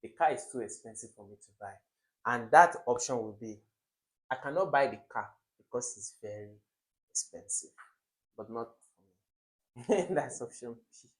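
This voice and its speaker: A man works through exam questions as a tutor, lively and emphatic in delivery. His voice sits in an ordinary middle pitch, and he keeps tossing rhetorical questions at the viewer. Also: moderate pace, long pauses, rough recording. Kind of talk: classroom-style exam lesson.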